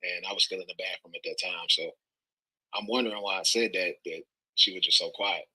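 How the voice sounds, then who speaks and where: A man's voice: low-pitched, fairly even intonation, fairly quick, pushed and bright, slightly rough, low-quality recording. A man as an interview guest, telling his side of a story casually and rambling, acting out what people said. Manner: rambling, acts out quoted dialogue.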